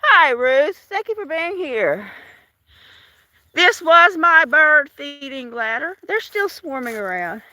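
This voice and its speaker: A woman's voice: high voice, big pitch swings, takes it slowly, pushed and bright, no echo. A woman chatting casually on a live stream, walking outdoors through her yard and greeting viewers by name, laughing often. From Washington state. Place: outdoors in a storm-damaged yard.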